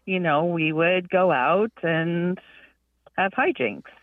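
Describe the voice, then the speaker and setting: A woman's voice: fairly low pitch, slow pace, no room sound. A woman calling in to a radio show, hesitant and giggly, using lots of fillers. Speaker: caller. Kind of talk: radio call-in chat. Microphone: telephone. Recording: tinny phone line, far from the mic.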